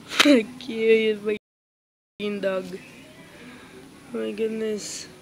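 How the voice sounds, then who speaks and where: A woman's voice: fairly high pitch, fairly even intonation, very slow, pauses often, music in the background, low-quality recording. A woman giving casual let's-play commentary on a horror game, jittery and swearing often, repeating her exclamations. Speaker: gamer playing a horror game.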